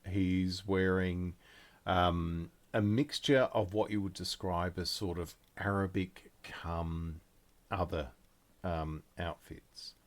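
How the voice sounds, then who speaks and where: A man's voice: sits low, fairly even intonation, slow pace. A man narrating a tabletop game as game master, describing scenes hesitantly with many fillers.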